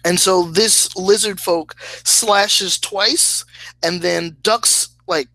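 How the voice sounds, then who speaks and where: A man narrating as game master of a tabletop game, speaking slowly with hesitant fillers and laughing at his own slips. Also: high-pitched, steady tone, sharp tone, no room sound, low-quality recording. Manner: slow, hesitant, laughs at himself.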